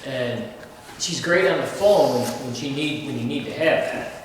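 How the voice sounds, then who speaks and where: Halting man heard from far in echoey room. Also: mid-range voice. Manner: rambling anecdote, halting restarts. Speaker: study group participant. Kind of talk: casual group discussion. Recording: distant echoey room with noise.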